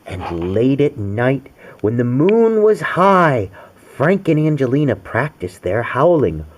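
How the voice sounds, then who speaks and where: Man reading a bedtime picture book, playful, breathy voice, leisurely pace. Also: mid-range voice, sing-song, takes it slowly. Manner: playful, sing-song, sprinkles in animal noises and questions to the child. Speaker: father reading to his young daughter.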